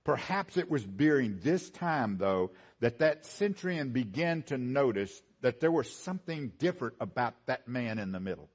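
A man preaching a sermon, swinging from rising, emphatic build-ups to hushed low lines and repeating phrases for emphasis. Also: big pitch swings, moderate pace, hardly any pauses, husky.

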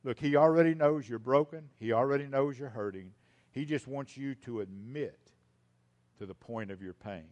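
A man preaching a sermon to his congregation, repeating key lines for emphasis and swinging between loud and hushed delivery. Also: medium pitch, normal speed. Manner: speaks directly to the congregation as folks. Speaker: pastor.

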